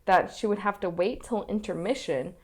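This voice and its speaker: A woman's voice: medium pitch, normal speed. A young woman co-hosting a podcast, telling a ghost story in a casual, playful way with frequent laughs. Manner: giggly, playful, puts on silly voices. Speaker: podcast co-host.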